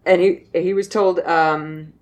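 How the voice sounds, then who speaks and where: Low-voiced woman, jokey storyteller. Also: fairly even intonation, takes it slowly. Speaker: podcast host retelling myths. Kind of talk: casual chat.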